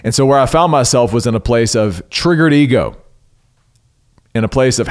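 A man's voice: medium pitch, lively intonation, normal speed. A man hosting a solo business podcast, talking earnestly and emphatically, with restarts and side remarks. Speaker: podcast host.

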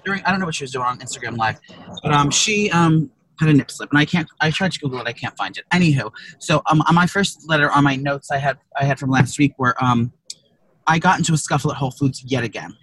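Fast-talking man telling a profane story. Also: fairly high pitch, a bit bright, slightly rough, poor audio. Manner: profane storytelling, rambling with restarts. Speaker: podcast co-host. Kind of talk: casual chat. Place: car.

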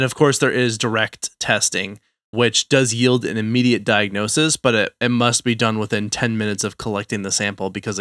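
Casting: low-voiced man co-host from the western US, bright tone, careful explainer. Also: no echo, studio quality. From Western United States. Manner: explanatory, careful, hedging restarts. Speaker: podcast co-host. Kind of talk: casual explanatory chat.

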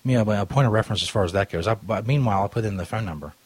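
A man's voice: on the low side, rapid-fire, a little mellow, breathy edge, no room sound. A man hosting a prank call show, rambling crudely and loosely while drinking, talking into a studio mic. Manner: profane, loose and tipsy, drifting off topic. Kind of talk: crude rambling radio banter.

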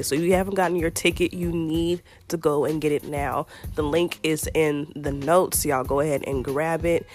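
A young woman hosting a podcast in a casual, chatty way, her voice hoarse and a little raspy from a scratchy throat. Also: low-pitched, steady tone, normal speed, hardly any pauses, a little mellow, soft background music. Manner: chatty and playful, talks straight to listeners. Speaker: podcast host. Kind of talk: casual chat.

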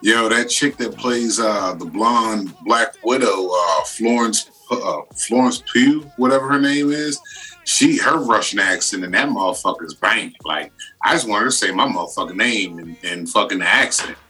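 A man co-hosting a podcast in casual chat, excitable and profane. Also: on the low side, moderate pace, low-quality recording. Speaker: podcast co-host.

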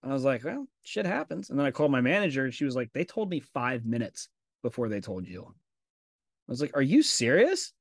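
A male podcast host talking in a loose, conversational way, swearing freely and acting out the dialogue in his stories. His voice sits at an everyday middle pitch and sounds dry and close to the mic. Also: sing-song, fast talker, gravelly, no room sound. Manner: candid and profane, acts out quoted dialogue in storytelling. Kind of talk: casual conversational interview.

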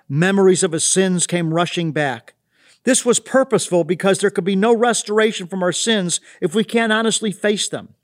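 High-voiced man giving a devotional. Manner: earnest, reflective preaching tone. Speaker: devotional host. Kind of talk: scripted devotional reflection.

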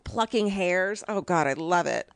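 A woman co-hosting a casual podcast chat, gushing and excitable, often laughing. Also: fairly low pitch, a little slow, no echo. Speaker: podcast co-host.

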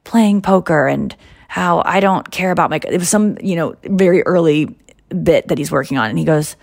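Gravelly-voiced woman hosting a podcast. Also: on the low side, dry recording, studio quality. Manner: animated storytelling, quick impressions of others. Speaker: podcast host. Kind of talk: casual chat.

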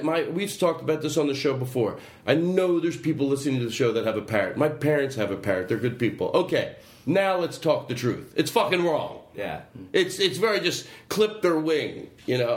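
A man's voice: on the high side, sing-song, a little fast, roomy sound. A man hosting a casual comedy podcast, rambling, swearing and laughing between tangents. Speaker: podcast host.

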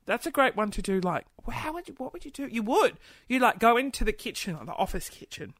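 Woman, giggly casual chat, lively up-and-down voice, dry close sound. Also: a little high, fast talker, no room sound. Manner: giggly, chatty, playful, with gasps and little asides. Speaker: livestream host. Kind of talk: casual chat, reading viewer comments.

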